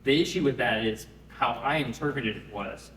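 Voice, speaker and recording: Man pitching to a room, echoey and distant. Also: normal speed, fairly bright tone, slight background noise. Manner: conversational, checks in with the audience. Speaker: startup founder pitching. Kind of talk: live pitch presentation. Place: event room.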